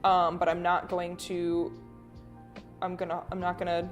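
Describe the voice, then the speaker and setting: A woman's voice: fairly low pitch, monotone, measured pace, soft background music. Chatty woman hosting a drawing stream. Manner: chatty and rambling, with frequent restarts and sudden soft hums. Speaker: artist livestream host. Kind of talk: casual livestream chat, reading viewer comments while drawing.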